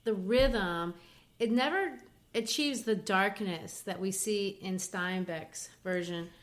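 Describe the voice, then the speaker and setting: Lady podcast host breaking down a poem, chatty, lively and explaining as she goes. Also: medium pitch, takes it slowly. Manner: explanatory, animated, with light laughs. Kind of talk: casual literature discussion.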